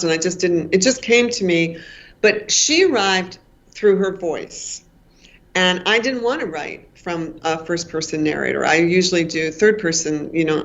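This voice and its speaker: A reflective woman in her sixties, speaking as a novelist guest in an interview. She circles back and repeats words as she feels her way to the phrasing. The audio sounds a little dull and lo-fi. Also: fairly low pitch. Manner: thoughtful, repeats words while searching for phrasing.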